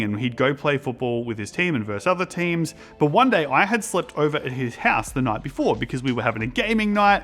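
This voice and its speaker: An Australian man preaching to children, telling an animated personal story and acting out the voices in it. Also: a little high. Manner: animated, acts out voices in his stories. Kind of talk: storytelling sermon for kids.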